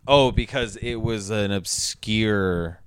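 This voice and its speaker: A man's voice: fairly low pitch, slow pace, smooth, no echo. A man co-hosting a podcast in laid-back casual chat, laughing often and swearing easily. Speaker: podcast co-host.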